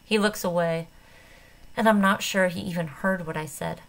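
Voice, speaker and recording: A woman reading a novel aloud in the first person, with an expressive, dramatic delivery. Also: on the low side, moderate pace, poor audio. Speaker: audiobook reader. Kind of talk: first-person audiobook narration.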